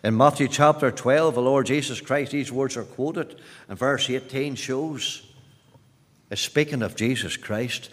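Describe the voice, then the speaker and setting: A man preaching an evangelistic sermon at an evening meeting, emphatic, repeating his phrases and swinging from loud to hushed. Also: mid-range voice, a little slow, long reverb tail. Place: meeting hall at an evening service.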